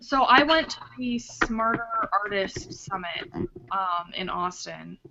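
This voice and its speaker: A woman author hosting a casual video chat, telling a rambling, animated story with many restarts. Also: medium pitch, slow, gravelly, soft background music. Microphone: video call. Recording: dull lo-fi video call audio.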